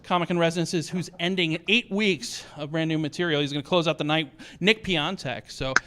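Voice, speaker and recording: A man's voice: a little high, fairly quick, heavy background noise. A man hosting a virtual comedy show, chatty and rambling with many fillers as he introduces comics.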